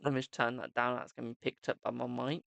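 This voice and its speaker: A man's voice: mid-range voice, flat delivery, fast talker, vocal fry, a bit bright, no room sound. A man with a British accent giving live-stream tarot readings in a chatty way, calling viewers "my darling". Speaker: tarot reader.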